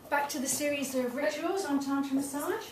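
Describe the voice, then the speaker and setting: In a small event space, a middle-aged tantra massage teacher speaks briskly in a high voice, delivering a candid public talk full of self-deprecation. Noise, room echo, and a distant mic mark the recording.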